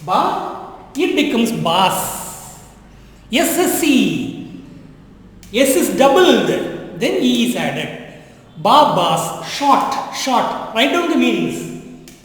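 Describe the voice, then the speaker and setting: Slow, lively man teaching in echoey room. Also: extremely high pitch. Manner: slow, repetitive drilling with quizzing questions. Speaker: French teacher. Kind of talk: classroom language lesson. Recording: very echoey room with long reverb.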